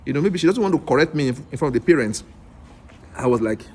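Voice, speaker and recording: A man's voice: mid-range voice, quick pace, breathy edge. Nigerian man telling a rambling story. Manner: animated, acts out dialogue with rambling restarts. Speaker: English teacher vlogger. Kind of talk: casual storytelling vlog.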